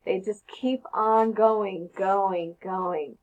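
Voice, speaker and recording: A woman's voice: mid-range voice, fairly even intonation, slow pace, few pauses, darkish tone, low-quality recording. Chatty woman teaching grammar. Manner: conversational, frequently checks in with "okay?". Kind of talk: informal grammar lesson.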